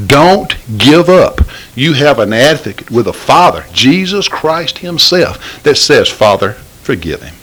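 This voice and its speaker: A middle-aged man preaching an informal sermon. His delivery is folksy and pleading, and it breaks into fervent bursts. His pitch swings widely from low murmurs to high exclamations. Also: big pitch swings, measured pace, a bit bright, poor audio. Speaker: lay preacher.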